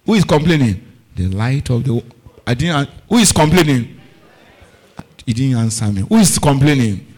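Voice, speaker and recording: A man's voice: mid-range voice, sing-song, moderate pace, pauses often, darkish tone. A man preaching a fervent sermon, often asking the congregation if they are following and repeating key words for emphasis. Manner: call-and-response questioning of the congregation.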